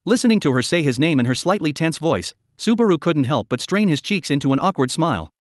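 A man reads a novel aloud as an audiobook with an expressive storytelling delivery. His voice sits a little high for a man and moves animatedly across its range. The recording is dry and close, with no room sound. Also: brisk, no echo. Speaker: audiobook narrator.

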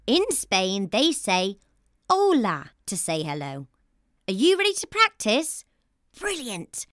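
A woman from England hosting a children's show, cheerful and encouraging, speaking slowly and clearly for young children. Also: medium pitch, huge pitch swings, fairly bright tone. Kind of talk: children's TV presenting.

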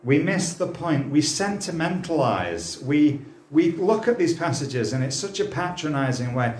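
A man's voice: a little high, big pitch swings, normal speed, hardly any pauses, reverberant. A man preaching an impassioned, dramatic sermon, full of rhetorical questions. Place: church hall.

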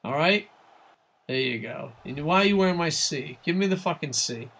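A man streaming a hockey video game live, swearing often and chatting excitedly with his viewers. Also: fairly high pitch, moderate pace. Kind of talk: live gameplay commentary.

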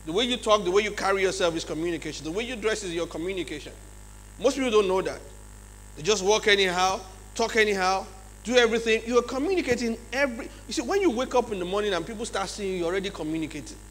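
A man with a Nigerian English accent giving a lively leadership seminar talk in a large church hall, often checking in with his audience. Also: sits high, fast talker. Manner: acts out examples in changed voices. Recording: long hall reverb, faint mains hum.

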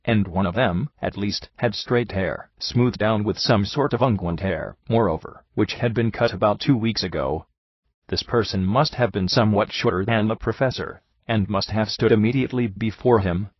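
A man voicing an excitable, flowery French detective who talks theatrically, on a dull, dry, lo-fi recording. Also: fairly low pitch, slightly rough, no echo. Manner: theatrical, effusive, exclamatory.

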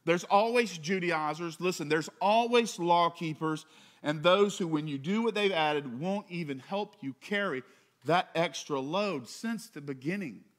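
Pastor, male, slightly higher voice, chatty sermon delivery that swells and softens. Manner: conversational preaching with asides and quick jokes; rises in pitch and volume for emphasis, drops low and soft on closing points.

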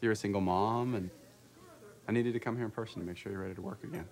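An actor playing a joking boss who becomes earnest about deadlines. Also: male voice, fairly low pitch, steady tone, fast talker, a little mellow, lightly acted. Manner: jokey, teasing, then earnest. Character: man, joking boss and publisher. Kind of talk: film acting.

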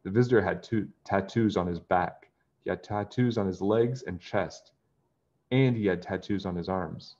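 A man reading a children's pirate story aloud, expressive, with chatty asides to young listeners. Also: low-pitched, moderate pace, muffled recording. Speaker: children's book reader.

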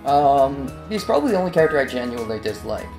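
Man narrating his game playthrough: sarcastic, excitable, average pitch, soft game music behind. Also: fast talker. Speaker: let's play host. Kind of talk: casual gameplay commentary.

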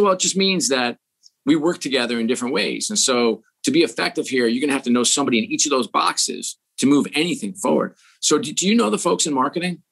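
A middle-aged man in a podcast interview, telling a story casually and animatedly. He acts out the people in his story, switching between their voices in a mid-pitched, everyday tone. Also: creaky. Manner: animated, acts out quoted dialogue. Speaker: sports executive, podcast guest.

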